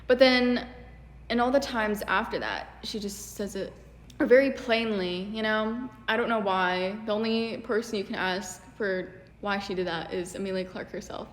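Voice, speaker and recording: Exasperated sarcastic woman ranting. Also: medium pitch. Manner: exasperated, sarcastic, many "like" fillers. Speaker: video essayist. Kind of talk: ranting commentary. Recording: echoey room with long reverb.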